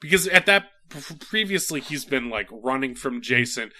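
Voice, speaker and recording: A man with a very bright, sharp voice hosting a comedy podcast. He rambles through a film review in loose, casual chat, piling up filler words. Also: mid-range voice, lively intonation, normal speed. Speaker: podcast host.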